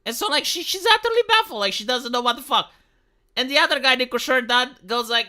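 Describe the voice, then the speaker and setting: A man rants casually on a live stream, tripping over his words and swearing freely. His voice is bright and edgy. His pitch bounces all over the place. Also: fairly quick. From Romania. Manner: profane, stammering, animated. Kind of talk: casual livestream rant.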